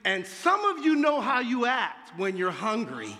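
A man preaching a sermon with dramatic delivery, dropping to a hush and then rising to shouts. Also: very high-pitched, wildly swooping pitch, unhurried, in a large hall. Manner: dramatic, swinging from hushed to shouting.

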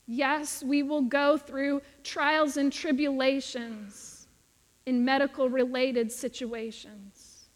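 A woman delivers a sermon in an earnest, emphatic way, her voice sitting high and moving at an unhurried pace. A long reverb trails behind her words, as in a church sanctuary. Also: steady tone. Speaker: preacher.

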